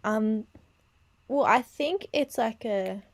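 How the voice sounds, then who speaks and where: A woman's voice: on the high side, no echo. Laid-back woman, dry close sound. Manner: laid-back, quick reactions, swears casually. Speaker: podcast co-host. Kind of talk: casual chat.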